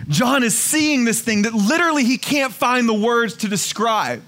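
A male pastor preaching a sermon to his congregation, moving from hushed, slow emphasis to excited, near-shouted exclamations. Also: very high-pitched. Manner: dynamic, swings from hushed to exclaiming.

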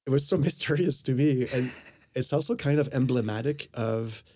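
A man's voice: medium pitch, normal speed, warm tone, breathy edge. A man casually telling a personal anecdote, rambling with lots of fillers and quoted dialogue. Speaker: storyteller. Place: Los Angeles area.

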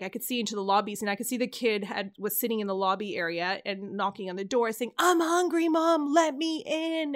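A woman's voice: medium pitch, a bit bright. A woman in her thirties telling a story in casual chat, earnest and rambling, often restarting her sentences. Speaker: podcast host.

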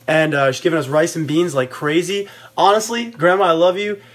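Chatty young man telling animated stories. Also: a little high, a little fast. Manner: animated, rambling storyteller with many fillers. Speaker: podcast co-host. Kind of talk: casual storytelling chat.

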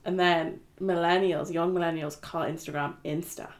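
A woman's voice: lowish voice, steady tone, moderate pace. A young woman co-hosting a casual film podcast, giggly and swearing casually as she recaps scenes. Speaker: podcast co-host. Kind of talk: casual film-discussion chat.

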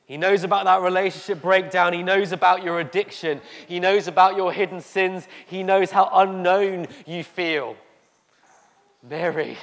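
Guy preaching in a church hall, kinda high voice, slow dramatic pauses, echo all around. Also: fairly even intonation, a bit bright. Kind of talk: sermon. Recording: echoey hall.

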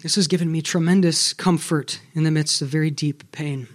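At a moderate pace and with fairly even intonation, a pastor with a high voice gives an earnest, emphatic sermon. He often engages his listeners through rhetorical questions.

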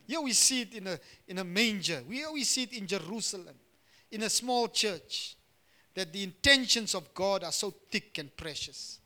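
A middle-aged male pastor preaching a sermon, swinging from hushed asides to loud emphatic lines and asking the congregation "Amen?". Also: high voice, animated, moderate pace.

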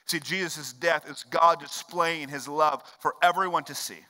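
A man preaching a sermon as pastor, swinging between loud, emphatic stretches and hushed, quiet ones. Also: a little high, moderate pace, few pauses. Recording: long hall reverb.

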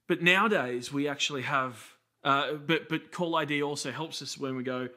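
Delivering a sermon, this Australian pastor in his thirties narrates stories in a conversational style with quick asides thrown in. He has a mid-range voice that sounds pushed and bright.

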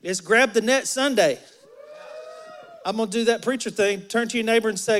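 A man with a high, bright Southern accent preaches in a church. He talks to the congregation in a folksy, joking way, teasing them as he goes. He moves from story to sermon and back in an easy, homey manner. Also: a little fast. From Alabama. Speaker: pastor. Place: church sanctuary.

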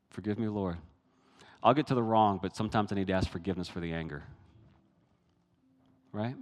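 A man preaching a sermon, animated, swinging from hushed asides to loud, high bursts. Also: moderate pace, pauses often, in a large hall. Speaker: pastor.

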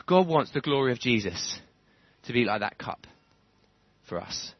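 A man preaching a sermon in church, animated, chuckling often and building to fervent emphasis. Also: medium pitch, a little slow, no room sound. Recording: dull lo-fi church recording.

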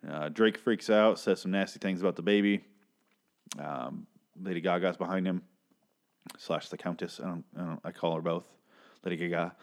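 A man's voice: deep voice, fairly even intonation, moderate pace, vocal fry, pauses often. A man casually recapping a TV episode, swearing often and sounding exasperated as he rambles through the plot. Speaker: TV recap host.

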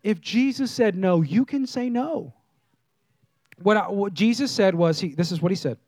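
A male pastor preaching a sermon in church, swinging between loud emphasis and hushed low tones and leading the congregation in call-and-response. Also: animated, moderate pace, dry recording.

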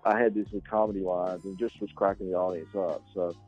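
A man's voice: deep voice, steady tone, a little fast, faint music behind. A male actor being interviewed, speaking casually and hesitantly, with many ums and restarts. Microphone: radio show microphone. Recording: dull, lo-fi sound.

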